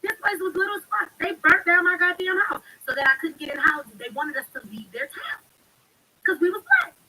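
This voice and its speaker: A woman's voice: extremely high pitch, sing-song, fairly quick, sharp tone, low-quality recording. A woman hosting a live stream, talking bluntly and emphatically in a heated monologue. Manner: blunt, emphatic, speaks with heavy profanity.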